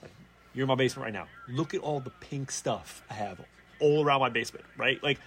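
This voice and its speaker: A man in his thirties co-hosting a casual podcast from his home basement, an excitable storyteller who laughs often. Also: medium pitch, fairly quick, slightly rough. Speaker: podcast co-host. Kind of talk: casual chat.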